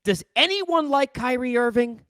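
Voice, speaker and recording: Middle-aged male sports host, high lively voice, dry close sound, exasperated rant into a headset. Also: moderate pace, clean tone, no room sound. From New York. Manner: animated, exasperated, rhetorical questions. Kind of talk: casual ranting commentary.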